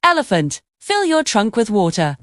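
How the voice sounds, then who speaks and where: A woman's voice: mid-range voice, wildly swooping pitch, normal speed, no echo, clean studio sound. A woman doing a cheeky cartoon parrot. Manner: teasing, upbeat. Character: cheeky, wise jungle parrot, mischievous.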